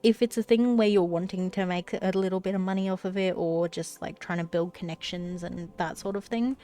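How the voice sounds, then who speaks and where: A woman's voice: fairly low pitch, steady tone, a little fast, few pauses, warm tone, soft background music. A congested woman chatting casually on her live stream, rambling and swearing now and then. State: slightly out of breath.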